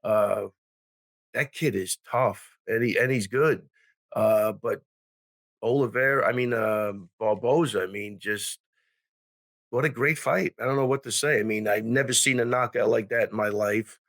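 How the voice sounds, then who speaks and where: A man with a New York accent, a guest on a fight podcast, talking bluntly in a halting way with many restarts and some swearing. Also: lowish voice, fairly bright tone, no room sound. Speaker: guest, MMA coach. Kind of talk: casual sports chat.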